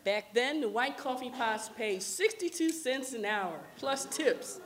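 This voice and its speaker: A woman's voice: a little high, animated, a little slow. Older woman telling her story. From New York. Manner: candid, wry, drops soft for painful parts. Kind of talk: personal storytelling. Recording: faint hiss.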